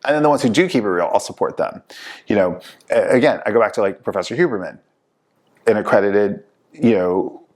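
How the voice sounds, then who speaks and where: A man hosting a casual talk show, telling lively stories and acting out the people he quotes. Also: fairly low pitch, a little fast. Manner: animated storyteller, acts out quoted people. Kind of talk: casual chat.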